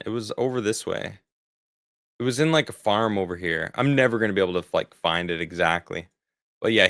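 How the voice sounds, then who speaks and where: A man's voice: fairly low pitch, sharp tone, no room sound, clean studio sound. A man in his forties, rambling in a casual livestream as he answers viewer chat, often laughing. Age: 40s. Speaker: streamer reading viewer chat.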